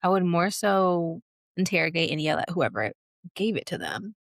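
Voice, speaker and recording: A woman's voice: on the low side, big pitch swings, moderate pace, dry recording, studio quality. A young woman co-hosting a podcast, chatting casually, laughing often and restarting her sentences. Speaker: podcast co-host. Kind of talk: casual chat.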